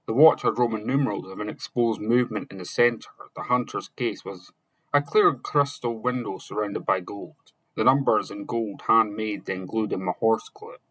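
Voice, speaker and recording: Guy reading a fantasy novel out loud, kinda low voice, bright and dry sounding, stops and fixes words as he goes. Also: no echo, low-quality recording. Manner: slow, halting reading with self-corrections. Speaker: audiobook narrator. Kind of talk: scripted narration reading a novel.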